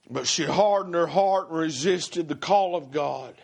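A male pastor, preaching a fiery sermon in church and swinging between shouting and hushed pleading. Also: on the high side, a little slow, gravelly, few pauses. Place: church sanctuary before a congregation.

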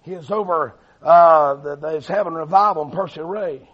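A man preaching a fiery revival sermon, swinging between loud shouting and low, quiet delivery. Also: moderate pace. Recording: dull lo-fi recording.

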